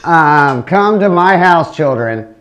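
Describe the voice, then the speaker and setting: Male comic guest, high and lively voice, deadpan shock humor, faint hiss. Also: slow pace. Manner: deadpan, absurd, shock jokes. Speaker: comedian guest. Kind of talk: live comedy panel banter.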